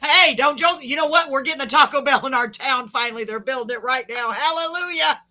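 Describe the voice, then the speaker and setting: Woman host, bright and forceful tone, chatty and laughing, folksy. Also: sits high, fairly even intonation, quick pace. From Texas. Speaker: podcast host. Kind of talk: casual live chat with a guest.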